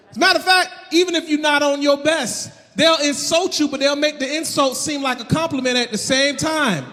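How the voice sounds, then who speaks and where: Brief: high-pitched, punchy male stand-up comic, live in a reverberant hall. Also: normal speed, hardly any pauses. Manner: animated, loud, punchy. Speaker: stand-up comedian. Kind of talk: stand-up comedy. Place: live comedy venue. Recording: long hall reverb, faint noise.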